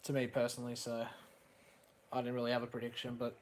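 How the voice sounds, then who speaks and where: A young man hosts a live stream and reacts to a football match as it happens. He talks casually, swears and reads out viewers' chat messages. His voice sits in a middle pitch over a faint background hiss. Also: completely flat delivery, fast talker.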